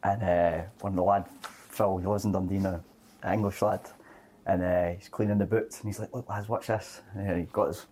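A man's voice: low voice, fairly quick, slight background noise. A Scottish man, a former footballer, chatting casually and ending lines with "eh". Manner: relaxed, ends lines with "eh". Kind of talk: casual chat.

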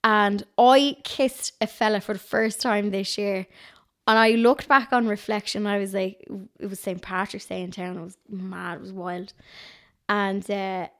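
A woman's voice: mid-range voice, steady tone, measured pace, fairly bright tone. A woman with a Dublin accent, a guest on a podcast, telling chatty, self-mocking stories with plenty of giggles. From Ireland. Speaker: guest, craft blogger. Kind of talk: casual podcast chat.

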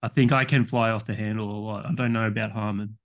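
A man's voice: fairly low pitch, fairly even intonation, quick pace. A man hosting a podcast, asking questions in a hesitant way with many restarts, in a casual interview. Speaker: podcast host.

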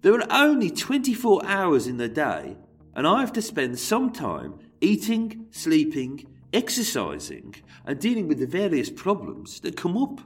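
A man voicing a gruff imprisoned letter writer in a put-on Birmingham accent, grumbling and self-important. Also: fairly high pitch, wildly swooping pitch, unhurried, far from the mic, faint music behind, pitched above the performer's own voice, heavily acted.

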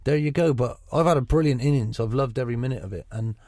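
A man's voice: mid-range voice, quick pace, darkish tone, no room sound. Frank Gloucestershire man, dry close sound. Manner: frank, chatty, many restarts. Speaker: football manager. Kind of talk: radio interview.

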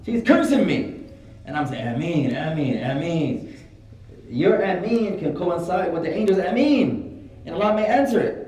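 A man giving a religious lesson, telling stories in a relaxed, lively way and acting out what people said. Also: on the high side, normal speed. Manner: relaxed, animated storyteller, acts out quotes. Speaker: religious teacher. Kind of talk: classroom lesson with storytelling. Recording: echoey room, mic far off.

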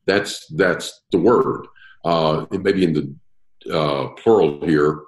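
A man's voice: very deep voice, takes it slowly, echoey room, low-quality recording. A man leading an interactive Bible study, explaining verses and putting questions to his group. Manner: lively, asks the group questions. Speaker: Bible teacher.

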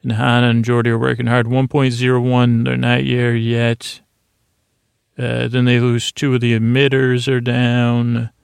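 A man hosting a sleep podcast, recapping an episode in a rambling, halting way full of fillers and restarts. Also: mid-range voice, monotone, no echo, studio quality. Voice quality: gravelly, creaky. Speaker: podcast host retelling an episode.

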